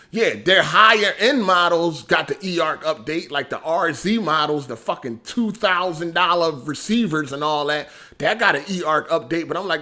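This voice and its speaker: A man chatting casually on a gaming stream, animated and profane, laughing often and swinging from loud bursts to mumbles. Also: mid-range voice, moderate pace. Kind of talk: casual livestream chat.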